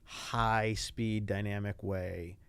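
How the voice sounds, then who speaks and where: Gravelly older man telling stories. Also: lowish voice, takes it slowly. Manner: animated anecdotes, acts out quoted voices. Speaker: guest, retired Navy pilot. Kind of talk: casual interview storytelling.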